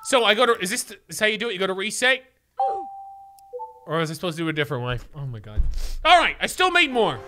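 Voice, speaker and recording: Frustrated high-voiced man yelling at a game. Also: rapid-fire, pauses often. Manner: loud, frustrated, swears and yells at the game. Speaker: streamer. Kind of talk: gaming livestream commentary. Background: game music.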